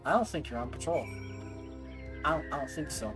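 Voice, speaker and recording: A man's voice: fairly high pitch, expressive, brisk, music in the background. A man streaming a game, joking and playful, with asides to himself. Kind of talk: casual gameplay commentary.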